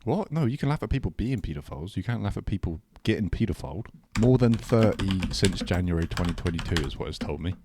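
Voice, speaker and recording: Deadpan low-voiced man. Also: quick pace, few pauses, a little hiss or hum. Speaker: podcast co-host. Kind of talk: casual chat.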